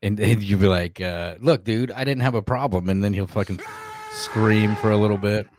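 A man's voice: on the low side, moderate pace, darkish tone. A man hosting a podcast in a casual chat, crude and joking as he riffs on ideas. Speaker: podcast host.

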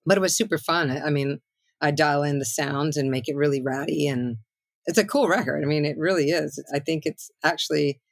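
A woman's voice: low-pitched, brisk, gravelly, no echo. A middle-aged woman songwriter talking as a guest in a loose, rambling way, full of "you know" and "like". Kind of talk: casual interview chat.

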